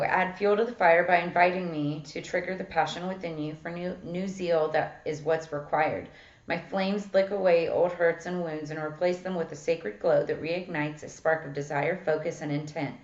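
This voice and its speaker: A woman giving a casual tarot reading who swears freely, reads card texts aloud and fills her talk with "like" and "um". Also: lowish voice. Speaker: tarot reader. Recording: echoey room, dull lo-fi sound.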